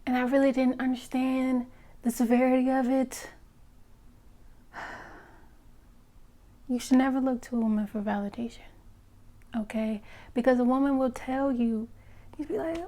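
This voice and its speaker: High and mellow, her voice stays fairly even at a moderate pace, with frequent pauses. It's a direct-to-camera opinion talk in which she offers blunt, emphatic relationship advice to viewers, often adding "okay?" and "you know?"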